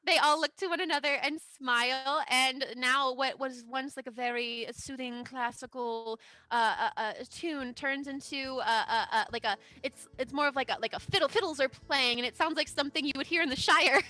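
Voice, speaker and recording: A woman's voice: sits high, fairly even intonation, normal speed, sharp tone, no room sound. A woman narrating a tabletop game as game master, with many fillers and giggles.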